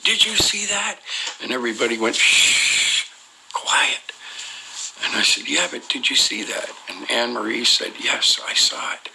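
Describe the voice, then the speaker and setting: A man with a very deep, gravelly voice tells a long story in a rambling, casual way, full of fillers and restarts as he acts out what others said. His tone has a sharp, bright edge, and a faint hiss sits behind him. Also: low-quality recording. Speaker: storyteller recounting an encounter. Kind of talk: casual spoken anecdote.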